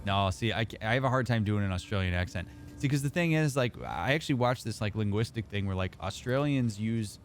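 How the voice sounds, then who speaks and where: A man from Indiana, a therapist streaming a game, chatting casually and answering his chat as messages come in. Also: on the low side. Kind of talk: casual livestream chat while gaming.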